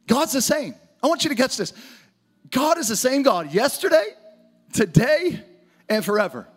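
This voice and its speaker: A man preaching an energetic sermon to a church audience, often shouting for emphasis. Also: extremely high pitch, moderate pace, breathy edge. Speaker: pastor. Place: church auditorium with live audience.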